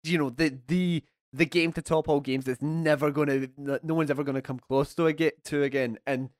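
A man's voice: fairly high pitch, fairly even intonation, fairly quick, no echo, clean studio sound. Young Scottish man, chatty and laughing. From Kilmarnock, Scotland. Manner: chatty, heavy filler "like", laughs often. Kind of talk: casual chat.

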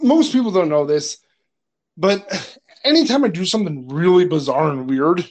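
A man's voice: fairly high pitch, lively intonation, moderate pace. A man, a film director, chatting casually on a podcast, telling crude anecdotes and laughing often.

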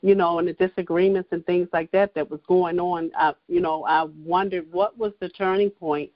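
A woman's voice: lowish voice, fairly even intonation, moderate pace, no echo, dull audio. A woman hosting a podcast who asks her guest questions in a chatty way, with lots of fillers. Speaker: podcast host. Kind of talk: casual interview chat.

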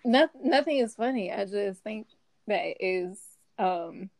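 A woman's voice: medium pitch, lively intonation, slow pace, darkish tone, dry recording. A woman co-hosting a casual Bible study podcast, talking casually with slang and fillers, recorded remotely on her phone. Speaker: podcast co-host. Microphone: phone app, remote recording.

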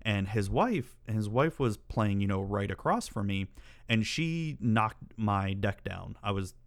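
Speaking a little slowly in a low, expressive voice, the channel host rambles through stories to camera. His delivery is casual and profane, with frequent exasperated rants.

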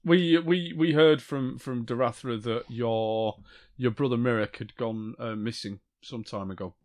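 Male player, mid-pitched, halting in-character speech. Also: darkish tone. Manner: halting, hesitant, restarts. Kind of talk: in-character tabletop play.

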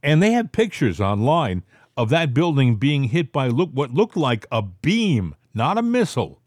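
A man hosting a casual political talk show, rambling with halting restarts. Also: medium pitch, big pitch swings, a little mellow, dry recording, studio quality. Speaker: podcast host.

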